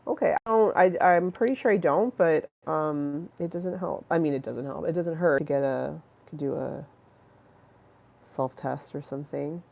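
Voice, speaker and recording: A woman's voice: low voice, moderate pace, vocal fry, a little mellow. A young woman hosting a casual livestream, chatting to her viewers in a rambling, affectionate way with many fillers and restarts. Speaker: livestream host.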